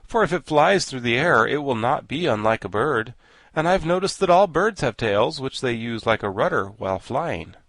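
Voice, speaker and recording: A wise, polite scarecrow, as a male narrator reads him, reasoning things out in a steady voice. The recording is dry and close. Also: mid-range voice, moderate pace, no echo. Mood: thoughtful. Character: thoughtful straw man, reasoning and wise.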